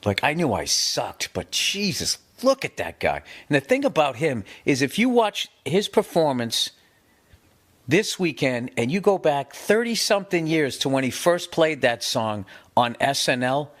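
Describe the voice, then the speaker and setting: A man in his fifties telling rambling, profane stories in a casual rant, animated and quick to swear. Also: fairly high pitch. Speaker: comedian. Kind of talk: casual podcast-style rant.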